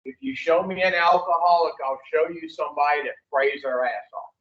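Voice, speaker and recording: A man's voice: a little high, brisk. A man teaching an addiction recovery class, blunt and profane, quizzing the group and drawing answers back from them. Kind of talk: classroom teaching with call-and-response. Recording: echoey room, far from the mic, dull lo-fi.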